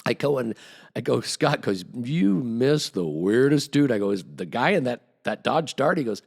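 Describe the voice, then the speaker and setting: A man's voice: mid-range voice, lively intonation, moderate pace, creaky, slightly rough. A man guest on a podcast, telling a long, rambling story with restarts and acted-out quotes. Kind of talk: casual storytelling.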